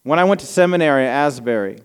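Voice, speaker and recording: 30s pastor guy, slight southern twang, chatty sermon stories, smooth voice, big echoey church. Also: medium pitch, lively intonation, very fast. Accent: slight Southern American. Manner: conversational storytelling, self-deprecating asides. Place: church sanctuary before a congregation. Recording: long reverb of a large hall.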